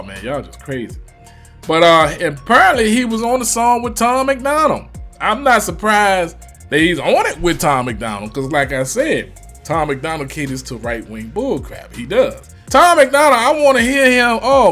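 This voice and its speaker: A reaction YouTuber with a Virginia accent and a slightly high, somewhat bright voice gives loose, slangy commentary. He swears freely as he reacts.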